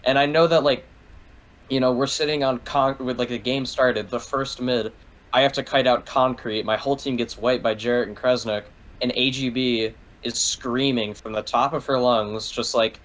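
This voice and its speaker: A man's voice: medium pitch, fairly even intonation, normal speed, fairly bright tone, rough recording. A man as guest in a casual gaming talk, rambling through a story with lots of "like" and free swearing. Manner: rambling, heavy use of "like", swears freely.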